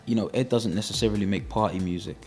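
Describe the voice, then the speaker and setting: A young man with a South London accent chats through an interview in a deep, low voice. He talks loosely, dropping "you know" and "um" as he goes. Faint music runs underneath. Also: fast talker. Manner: relaxed, many fillers like "you know". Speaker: rapper guest. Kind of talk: casual interview chat.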